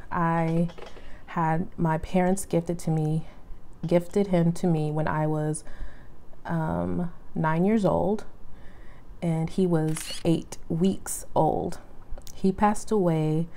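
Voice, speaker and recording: A woman talks casually to her camera in a lowish, warm voice. She is chatty and gets emotional, sometimes drawing her words out slowly. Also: creaky. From Texas. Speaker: plant vlogger.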